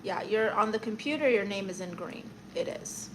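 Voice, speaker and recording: A woman's voice: mid-range voice, expressive, normal speed, noisy background. A woman comedian hosting a casual livestream, reading viewer comments aloud and answering them with sassy, teasing banter. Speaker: livestream host reading chat; stand-up comedian.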